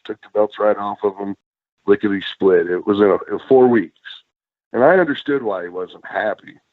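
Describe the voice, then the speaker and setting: A man's voice: fairly low pitch, no echo. A man, a former wrestler, telling road stories as a podcast guest, cursing freely and acting out what others said. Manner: profane, animated storyteller, acts out quotes. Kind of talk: casual storytelling interview. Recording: dry, phone-like narrow sound.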